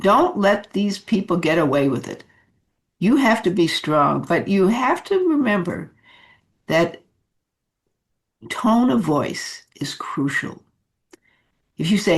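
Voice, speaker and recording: A woman leadership coach giving advice in an unhurried talk, with many fillers and restarts. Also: fairly low pitch, very animated.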